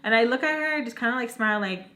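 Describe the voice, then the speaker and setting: A woman's voice: on the high side, fast talker, pushed and bright. A young woman in her twenties telling a storytime vlog, chatty and slangy, filling her talk with "like". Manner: chatty, slangy, heavy use of "like". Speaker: vlogger.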